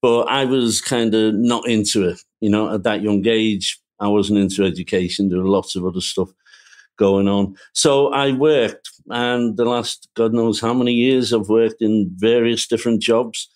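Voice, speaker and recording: Man, Liverpool accent, low voice, reflective, conversational guest. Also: steady tone, moderate pace, darkish tone. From Liverpool, England. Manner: reflective storytelling. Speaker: guest author. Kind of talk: casual interview.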